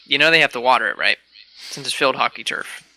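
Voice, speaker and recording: Bright, animated young man telling stories. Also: medium pitch, fast talker, gravelly, dry recording. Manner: animated storyteller, laughs often. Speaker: podcast co-host. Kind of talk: casual chat.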